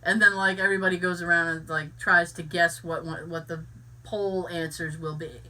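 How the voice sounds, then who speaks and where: A young woman co-hosting a podcast, telling stories in a giggly, animated way with many restarts in casual chat. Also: fairly low pitch, moderate pace, recorded from a distance. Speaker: podcast co-host.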